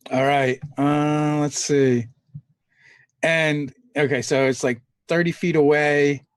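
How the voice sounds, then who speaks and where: A man's voice: a little high, steady tone, slow, smooth, dry recording, studio quality. A man playing a tabletop game, eager and playful, asking the dungeon master questions. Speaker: player. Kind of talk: casual tabletop play.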